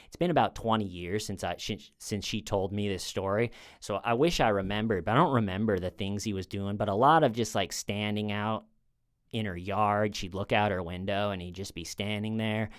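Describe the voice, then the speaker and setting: A comedian in his thirties sits at home casually telling a rambling true-crime story, restarting sentences often and acting out the people he quotes. His voice is lowish and smooth, at a normal speed.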